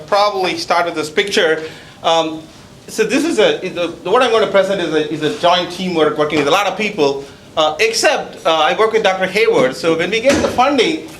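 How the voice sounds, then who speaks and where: A man's voice: high voice, fairly bright tone. Man, accented, seminar talk, chatty and joking, faint hiss in a hall. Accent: non-native accent. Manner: joking, chatty, adds "okay?". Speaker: university researcher presenting. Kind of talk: seminar presentation.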